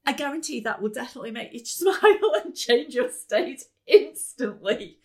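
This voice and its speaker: A woman giving an upbeat motivational talk to a live audience, laughing often and jumping to high, excited exclamations. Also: moderate pace. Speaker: speaker. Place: business meeting room.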